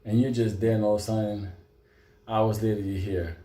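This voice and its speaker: A man telling a story in a profane, animated, conversational way. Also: lowish voice, brisk, roomy sound, noisy background. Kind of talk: comic storytelling.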